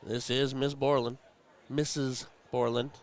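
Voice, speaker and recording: A man's voice: medium pitch, level tone, unhurried, a faint crowd. A man hosting a live darts tournament stream, chatting and commentating in a heartfelt, emotional way.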